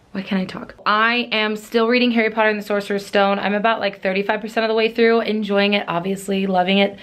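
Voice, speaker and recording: A woman's voice: medium pitch, level tone, fairly quick, hardly any pauses, fairly bright tone, smooth. A woman book vlogger chatting casually and rambling, with lots of "like" fillers.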